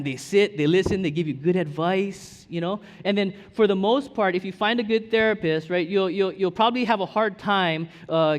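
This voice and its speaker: High-voiced, chatty male pastor. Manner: chatty, full of restarts and "right?" check-ins. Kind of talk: conversational sermon. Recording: long hall reverb.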